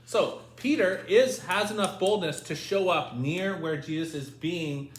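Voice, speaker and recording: A man's voice: high voice, measured pace. A man leading a Bible study lesson, asking his group questions and reading scripture aloud. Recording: echoey room with faint noise.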